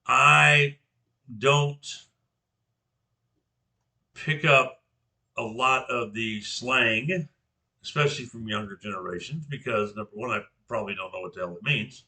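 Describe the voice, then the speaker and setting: An older man with a strikingly bright, edgy tone, presenting class material in a relaxed, conversational way. He pronounces each word deliberately and often restarts a phrase mid-thought. His pitch sits in an ordinary middle range. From Georgia, US. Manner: deliberately articulated words, frequent restarts.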